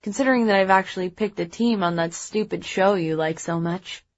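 A woman voicing a sullen teenage brother who mutters flatly, in an audiobook. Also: medium pitch, fairly quick, no room sound, highs cut off, natural voice.

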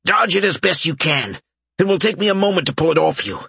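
A man's voice: on the high side, sing-song, a little fast, gravelly, sharp tone, husky, pitched above the performer's own voice, exaggerated voice. A man voicing a young male adventurer who calls out urgent orders in a fight. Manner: urgent calling out.

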